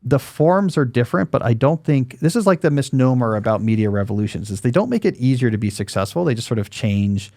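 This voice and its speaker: A man in his forties hosts a podcast with a medium-pitched voice and talks in a loose, chatty way, with dry jokes, fillers like "like" and "uh", and frequent restarts. The close studio mic gives a dry, intimate sound with almost no room. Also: animated, fast talker, few pauses, dark tone, no room sound. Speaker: podcast host. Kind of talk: casual podcast chat and advice.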